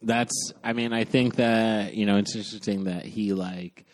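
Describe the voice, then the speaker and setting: Man, low pitch, casual chat, reactive, quick interjections. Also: steady tone. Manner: reactive, chimes in with quick remarks.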